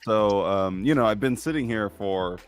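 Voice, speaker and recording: A man's voice: lowish voice, normal speed, clear, resonant tone, faint music behind. A man hosting a livestream in a casual, jokey manner, laughing easily and rambling. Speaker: livestream host.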